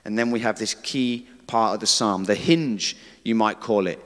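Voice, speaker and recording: A man's voice: on the low side, normal speed, a bit bright. A man preaching a conversational sermon, earnest, who reads scripture aloud. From Britain. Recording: reverberant hall.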